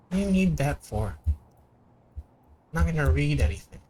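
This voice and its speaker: A man's voice: fairly high pitch, big pitch swings, moderate pace, mellow, slight background noise. A man streaming a game, reading its dialogue aloud and breaking off into joking asides. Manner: reads lines plainly, breaks off into joking asides.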